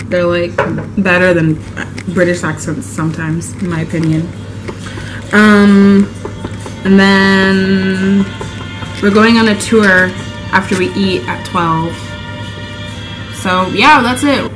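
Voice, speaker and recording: A woman's voice: mid-range voice, steady tone, takes it slowly, long pauses, over music. A young woman chatting casually in a travel vlog, scattered and sleep deprived, losing her train of thought. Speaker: travel vlogger. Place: indoors, room in Dublin. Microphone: handheld camera. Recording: noisy camera audio.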